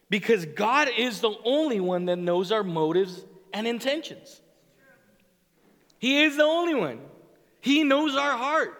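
A man preaching a sermon as a pastor, speaking in an animated way and acting out the voices he quotes. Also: high voice. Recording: long reverb of a large hall.

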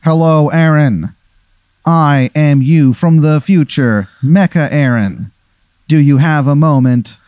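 A mournful half-machine man from the future, slow and grave in every word, as a man puts him on. The tone is dark and mellow, and the sound is dry. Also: a little high, clean tone, no room sound, pitched above the performer's own voice. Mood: solemn.

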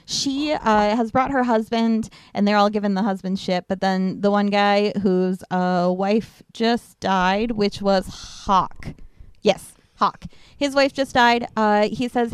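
A woman's voice: mid-range voice, fairly even intonation, moderate pace, smooth, dry recording, clean studio sound. A woman co-hosting a podcast, talking casually about a film, candid, laughing easily and swearing freely. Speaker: podcast co-host. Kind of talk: casual movie review chat.

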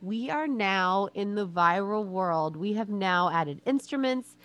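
A woman's voice: medium pitch, expressive, slow, fairly bright tone, muffled recording. A woman co-hosting a podcast, talking casually and rambling a bit, laughing at her own slips. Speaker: podcast co-host. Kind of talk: casual chat.

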